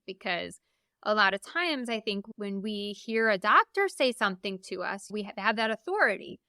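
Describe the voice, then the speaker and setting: A woman in her thirties telling her own birth stories as a podcast guest, animated and acting out the voices of the people she quotes. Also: medium pitch, smooth, no echo, clean studio sound. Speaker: podcast guest, memoir author. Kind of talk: casual storytelling.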